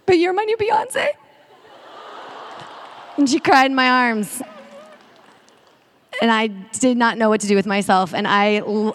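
A woman giving an energetic sermon-style talk to a women's audience, drawing call-and-response. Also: mid-range voice. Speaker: speaker at a women's faith event. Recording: long reverb of a large hall.

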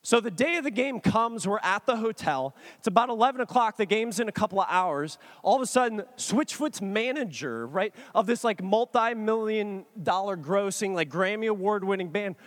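A man in his thirties telling a comic personal story to an audience, excitable and animated. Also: high-pitched, moderate pace. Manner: excitable, animated, acts out chat messages. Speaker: speaker addressing an audience.

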